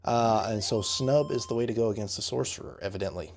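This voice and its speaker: A man giving relaxed, chatty commentary on a game playthrough, with faint game music behind. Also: on the low side, quick pace. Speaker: gamer.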